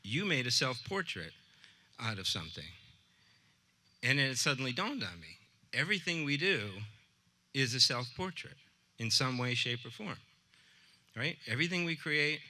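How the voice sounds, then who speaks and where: A man, an art teacher, telling a personal story to a live audience in a relaxed, conversational way. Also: mid-range voice, a little hiss or hum. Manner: conversational, acts out dialogue with voices.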